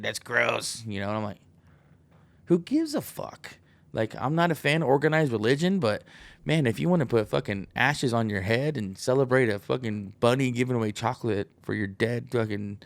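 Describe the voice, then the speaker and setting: A man with a low, gravelly voice rambles through a casual podcast monologue, swearing freely and slipping into quoted voices. The sound is dry and close, with no room echo. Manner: profane, meandering, acts out quoted voices. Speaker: podcast host.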